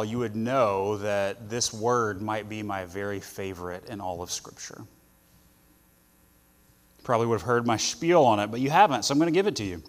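A man preaching a sermon to students, earnest, with loud stresses and soft asides. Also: medium pitch, big-room sound.

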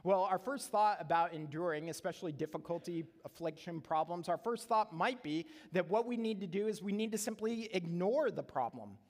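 A man's voice: sits high, expressive, moderate pace, hardly any pauses, a little mellow. A middle-aged man preaching a sermon as pastor, earnest and conversational, repeating key phrases for emphasis. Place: church sanctuary. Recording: long reverb of a church hall.

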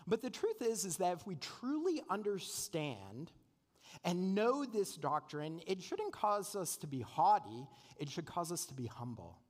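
A man's voice: high-pitched, sing-song, unhurried, in a large hall. A man preaching a sermon as pastor, earnest and conversational, asking the congregation rhetorical questions.

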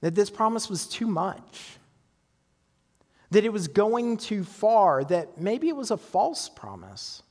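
A man's voice: sits high, sing-song, takes it slowly, darkish tone, big-room sound. A male pastor preaching a sermon in a conversational way, often checking in with his listeners. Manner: conversational, asks listeners for agreement.

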